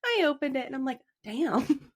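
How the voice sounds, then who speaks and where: A woman's voice: mid-range voice, moderate pace. A woman co-hosting a podcast in casual chat, talkative, swearing and laughing easily. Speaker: podcast co-host.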